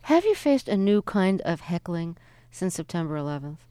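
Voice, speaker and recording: A woman hosting a radio interview, reading a measured introduction and asking calm questions. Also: lowish voice, clean tone, dry recording, studio quality.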